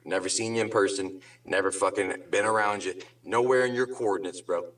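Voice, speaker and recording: A man's voice: low-pitched, steady tone, fairly quick, a bit bright, distant mic, low-quality recording. A man on a talk show ranting angrily and sarcastically, swearing constantly in loose slang. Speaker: guest on a drama talk show. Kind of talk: heated profane rant.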